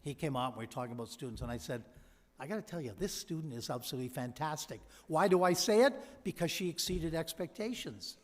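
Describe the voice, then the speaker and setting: A man's voice: on the high side, animated, fast talker. A man giving a convocation speech from a podium, telling stories and quoting people he met. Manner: storytelling, quoting others. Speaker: convocation speaker. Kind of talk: ceremonial speech with anecdotes. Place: large hall. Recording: long hall reverb.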